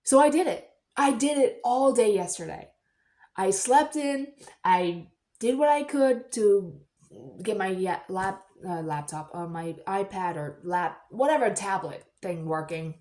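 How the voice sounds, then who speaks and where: A woman vlogger telling a personal story in a chatty, rambling way, breaking into loud excited bursts. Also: medium pitch, a little slow.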